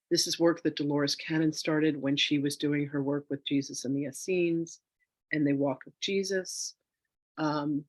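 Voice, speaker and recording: A middle-aged woman teaching a live online class as a spiritual teacher, telling her own story with lively acted-out dialogue, speaking into a phone. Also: low voice, dry recording. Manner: animated storyteller, acts out quoted dialogue.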